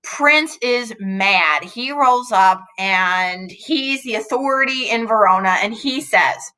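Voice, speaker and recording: Bright-voiced woman, unhurried teacher. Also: fairly high pitch, poor audio. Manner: reads lines aloud, then explains in casual, chatty asides. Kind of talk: explaining and reading aloud a play. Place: home.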